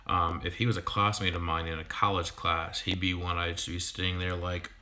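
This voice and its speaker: A man in his thirties, a fishkeeping YouTuber, chatting casually on a livestream in a halting way with many ums and restarts. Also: low-pitched, little pitch movement, pushed and bright. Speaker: fishkeeping YouTuber and sixth-grade teacher.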